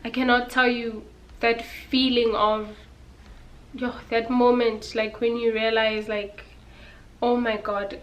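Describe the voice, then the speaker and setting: A woman's voice: fairly high pitch, little pitch movement, a little slow, fairly bright tone, slight background noise. A young woman vlogger telling a personal story to her viewers in a candid, emotional, casual way.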